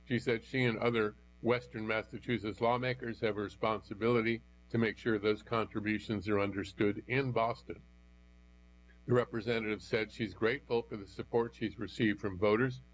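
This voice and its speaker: A man's voice: fairly low pitch, normal speed. Man reading the news over hum. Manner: even, steady read-aloud delivery. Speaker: news reader. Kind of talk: reading news articles aloud. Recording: dull lo-fi audio with mains hum.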